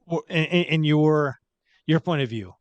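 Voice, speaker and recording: A man hosting a podcast in a relaxed, joking chat. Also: a little high, a little slow, smooth, no room sound, dull audio. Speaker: podcast host. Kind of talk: casual chat.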